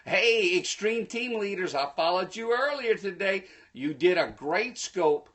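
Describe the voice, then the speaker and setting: A man's voice: high-pitched, measured pace. Fired-up motivational speaker man. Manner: energetic, preachy, bursts into excited shouts; folksy, addresses viewers directly. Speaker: motivational speaker hosting a livestream. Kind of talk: live-streamed motivational talk. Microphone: phone.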